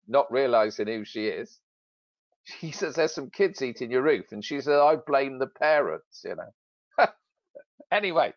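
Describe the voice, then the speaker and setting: A man's voice: on the high side, no room sound, lo-fi sound. A British man, a sales expert and author, telling a story in casual podcast talk with jokey, self-mocking humor.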